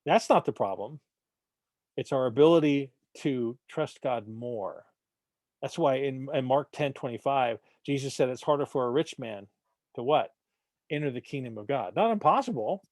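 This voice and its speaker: A man's voice: mid-range voice, lively intonation, moderate pace, darkish tone, no room sound, clean studio sound. A man teaching an adult church class in a conversational way, often repeating words, checking in with the room and punching his points with jokes. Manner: conversational, repeats words, keeps asking "right?"; tells jokes, punchy emphasis.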